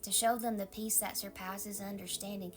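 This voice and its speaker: A woman pastor with a Southern accent, giving a calm, maternal devotional sermon and often dropping into a soft whisper. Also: medium pitch, normal speed, soft background music.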